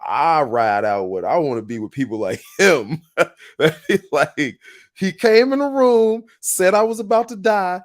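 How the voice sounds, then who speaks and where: A man's voice: fairly high pitch, expressive, measured pace. A man hosting a podcast in a casual monologue, earnest and motivational, telling stories with emphatic repetition. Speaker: podcast host.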